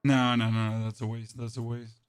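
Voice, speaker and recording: Brief: male game streamer, flat monotone chat, medium pitch, casual. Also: normal speed, clean tone, soft background music. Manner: monotone, dry delivery. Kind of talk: casual live-stream chat while gaming.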